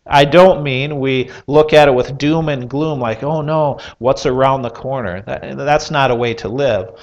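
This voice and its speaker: A man preaching at an unhurried, deliberate pace, his voice sitting a little high for a man. He is earnest and measured, putting question after question to his listeners, with pauses and the odd filler. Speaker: pastor. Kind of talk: sermon.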